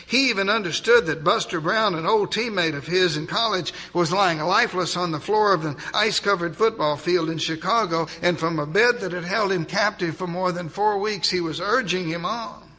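A man narrating a dramatic story, swinging from loud, urgent passages to hushed ones. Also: on the high side.

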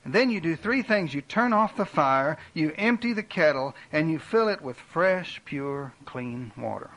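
A man preaching a sermon, earnest and direct, making personal appeals and dropping his voice low for emphasis. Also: animated, a little slow, fairly bright tone, low-quality recording. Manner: earnest preaching with dramatic drops in volume. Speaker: pastor.

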